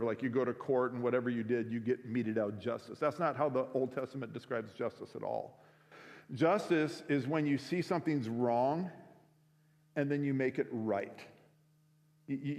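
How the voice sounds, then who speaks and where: A man's voice: medium pitch, a little mellow. Man preaching in a reverberant hall. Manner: conversational, frequent restarts. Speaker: pastor. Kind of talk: storytelling sermon. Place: school chapel or auditorium.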